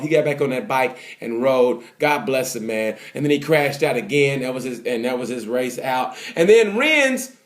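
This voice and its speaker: A man giving a casual, animated race recap, full of fillers, swinging from excited to hushed. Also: fairly high pitch. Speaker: motorsport commentator. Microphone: phone or camera mic.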